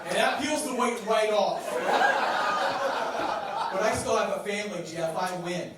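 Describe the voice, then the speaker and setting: A man performing a stand-up routine on a club stage, with a stammering, deadpan delivery full of restarts, and audience laughter behind him. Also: high voice, measured pace, very noisy. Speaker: stand-up comedian. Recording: echoey room mic from far off with crowd laughter.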